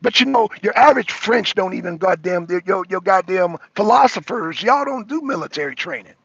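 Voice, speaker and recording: A man's voice: sits high, animated, fairly quick, vocal fry, a bit bright, slightly rough, no echo, highs cut off. An American man, a talk show host, ranting profanely in a heated political monologue, raising his voice and repeating himself. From United States. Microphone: streaming microphone.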